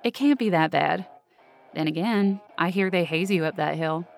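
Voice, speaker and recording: A woman's voice: on the low side, normal speed, gravelly, soft background music. A woman voicing a weary, blunt young gas-station clerk, talking in a dry, offhand way. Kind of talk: audio drama dialogue.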